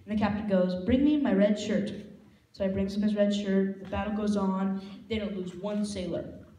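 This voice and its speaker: On a comedy stage with a handheld mic, a man does stand-up, rambling through self-deprecating stories and acting out the people in them with quoted lines. His voice is high and mellow, level in tone, at a moderate pace. The room is echoey with faint noise, and the audience laughs.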